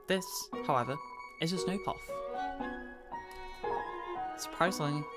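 A woman narrating her gameplay in a lowish voice that swoops up and down with delight. She reads the on-screen text aloud and gushes playfully, with game music running in the background. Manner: gushing and playful, squeals over dogs. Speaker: let's play gamer.

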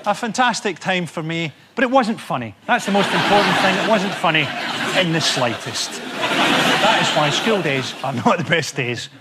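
Glaswegian comic, high lively voice, deadpan dark jokes, heavy background noise from a studio audience. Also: male voice, over a noisy crowd. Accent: Glaswegian Scottish. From Scotland. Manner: dark, dry jokes delivered flatly with pauses for laughs. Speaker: comedian, team captain. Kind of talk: deadpan stand-up monologue.

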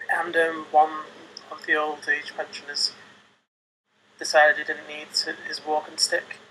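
A man's voice: fairly high pitch, monotone, a little slow, bright, forceful tone, slight background noise, low-quality recording. A man hosting a gaming channel, chatting casually over gameplay, hesitant with many fillers and restarts.

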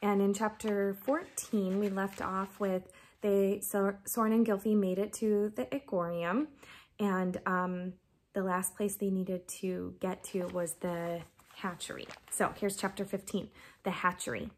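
A woman reading chapters of a children's novel aloud, raising her pitch for the characters' quoted lines. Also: fairly even intonation, measured pace. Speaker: reader.

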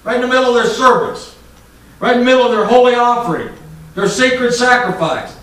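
A high-voiced, bright-toned male preacher delivering a fiery sermon. He swings between loud, mocking shouts and low, intense warnings. The sound is very echoey and comes from a distance across a church hall. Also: lively intonation, a little fast.

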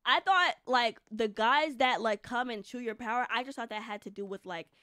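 A woman's voice: on the high side, moderate pace, sharp tone, no echo, studio quality. Chatty young woman streamer. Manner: chatty, rambling, lots of filler words, jokey. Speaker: gaming streamer. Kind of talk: casual live gameplay chat.

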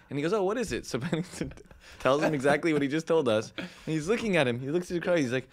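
A man's voice: fairly high pitch, fast. A man guest telling a casual story, mimicking the people in it. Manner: lively, mimics other people in anecdotes. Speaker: filmmaker guest.

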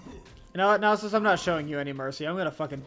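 A man giving live gameplay commentary on his match, ranting with a steady stream of profanity and exasperation. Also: fairly high pitch, fast talker, soft background music.

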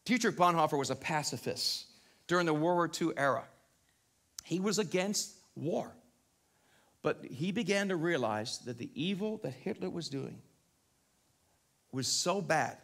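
Pastor, high voice, lively chatty sermon delivery, church service. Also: male voice. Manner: animated, conversational, checks in with the crowd. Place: church sanctuary, live broadcast.

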